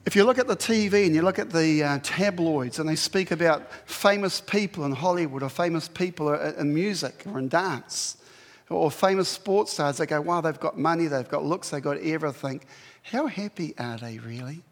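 A man preaching in a church, his voice sitting high for a man. He keeps it conversational and animated and poses questions to the congregation. A long reverb trails behind his words. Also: moderate pace. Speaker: pastor. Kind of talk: sermon.

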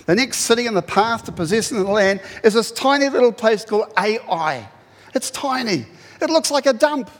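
Aussie pastor guy preaching, high-pitched voice, lively storytelling, long echo from the hall. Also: moderate pace. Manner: animated storytelling, acts out quotes with sudden loud bursts. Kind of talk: sermon.

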